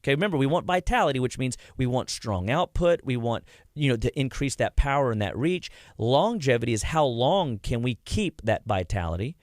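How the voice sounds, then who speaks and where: A man's voice: medium pitch, brisk, few pauses, dry recording, clean studio sound. A man guesting on a radio show, talking casually about heart health and acting out stories of his patients. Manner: animated storyteller, acts out quotes.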